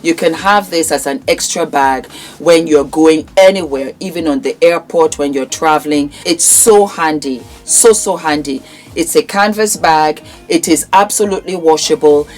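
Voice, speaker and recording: A woman's voice: low-pitched, moderate pace, darkish tone, soft background music. A woman with a Nigerian accent presenting products in a chatty vlog, effusive and fond of calling viewers "my darling".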